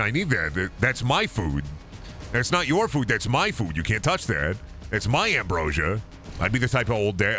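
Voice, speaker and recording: A male streamer with a bright, forceful voice, riffing crudely and swearing as he plays. His talk rambles from bit to bit, with faint game music underneath. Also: on the low side. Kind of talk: casual gaming stream chatter.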